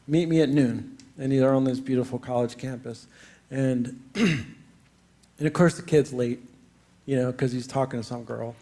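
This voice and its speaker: A man's voice: mid-range voice, little pitch movement, moderate pace, pauses often, dark tone. A middle-aged man, a singer-songwriter and spiritual teacher, rambling through a story between songs with many fillers and frequent laughs. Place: spiritual center stage.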